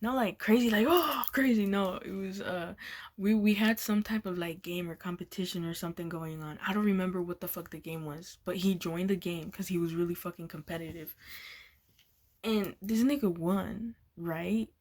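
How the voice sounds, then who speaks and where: A woman's voice: on the low side, steady tone, normal speed, darkish tone. A young woman vlogger telling a casual storytime, laughing often and swearing as she rambles. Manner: giggly, swears a lot, loose and rambling.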